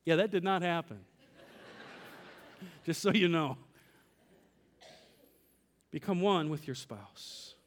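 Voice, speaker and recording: A man's voice: a little high, expressive, slow pace, pauses often, in a large hall. A man preaching a sermon as pastor, telling a personal story, acting out dialogue with God and asking the congregation questions. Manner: asks the congregation direct questions.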